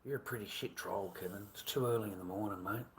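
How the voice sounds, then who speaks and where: A man's voice: on the low side, fast talker, background noise. Aggrieved Australian man ranting. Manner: swearing, aggrieved, repeats himself. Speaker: livestreamer. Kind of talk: casual livestream rant.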